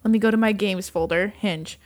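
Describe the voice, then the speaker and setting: Speaking a little fast in a mid-range voice, a young woman co-hosts a podcast with no room sound. She chats about her dating experiences, animatedly voicing both sides of the dialogue and using "like" often.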